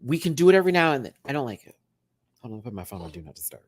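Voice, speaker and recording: A man reviewing a reality show on a livestream, chatty and animated, swinging between loud bursts and hushed asides. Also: mid-range voice, very fast, husky, no room sound. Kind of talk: casual livestream commentary.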